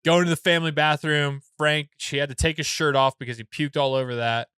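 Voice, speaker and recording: Smooth-voiced man telling a rambling story. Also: a little high, brisk, no room sound. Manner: rambling, animated, lots of fillers and restarts. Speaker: podcast co-host. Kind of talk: casual comedic storytelling.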